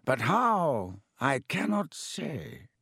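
A man's voice: on the high side, big pitch swings, extremely slow, gravelly, fairly bright tone, husky, no room sound, studio quality, full character voice. A man voicing a vain, boastful male wizard who talks in a pompous, self-satisfied way.

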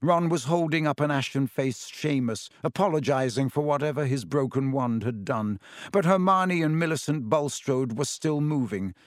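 A man's voice: mid-range voice, no room sound. Man narrating an audiobook, dry sound. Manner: steady, measured storytelling. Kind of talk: scripted narration.

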